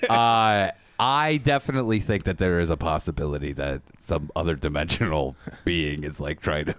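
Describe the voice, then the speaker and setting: A man's voice: low-pitched, normal speed, a bit bright. A man co-hosting a podcast in crude, joking casual chat, laughing often. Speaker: podcast co-host.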